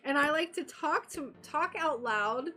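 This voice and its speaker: High-pitched, slow-talking chatty woman. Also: animated, sharp tone. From North Carolina, USA. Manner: chatty, rambling, giggly, self-conscious. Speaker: stained glass livestreamer. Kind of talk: casual chat while working.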